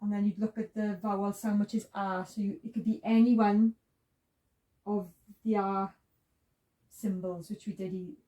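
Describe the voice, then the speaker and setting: A woman's voice: medium pitch, little pitch movement, moderate pace, pauses often, warm tone, far from the mic, low-quality recording. A woman teaching a beginner's language lesson, patiently walking through each sound step by step. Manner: patient, repeats sounds and steps. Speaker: Hebrew teacher.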